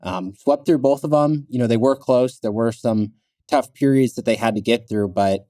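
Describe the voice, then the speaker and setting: A man co-hosting a sports podcast in a relaxed, casual chat, with plenty of fillers. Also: medium pitch, moderate pace, no echo, studio quality. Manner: relaxed, filler-heavy, chuckles now and then. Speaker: podcast co-host.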